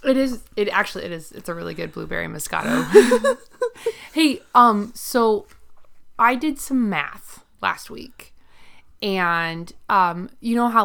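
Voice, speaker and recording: Hoarse gravelly woman podcast co-host. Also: medium pitch, sing-song, unhurried, a bit bright. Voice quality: gravelly, raspy. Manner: joking, laughs often. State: hoarse from a cough. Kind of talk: casual chat.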